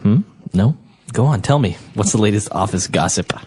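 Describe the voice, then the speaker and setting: A man playing a male office worker who is eager to hear gossip, with a husky voice. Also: on the low side, lively intonation, normal speed, darkish tone.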